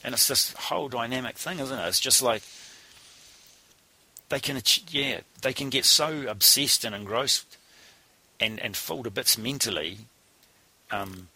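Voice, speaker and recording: A man's voice: mid-range voice, a little slow, bright, forceful tone, slightly rough. A man, a cycling coach telling a blunt, salty story in casual conversation.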